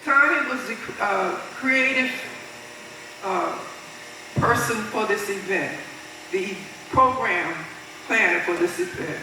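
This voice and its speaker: Older woman speaking slowly in an echoey hall. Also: mid-range voice, background noise. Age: 70s. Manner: chuckling, loose speaker who restarts phrases. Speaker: guest of honor giving a thank-you speech. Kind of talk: warm, unscripted storytelling speech. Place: large event hall at a birthday party. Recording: echoey hall recorded from far off.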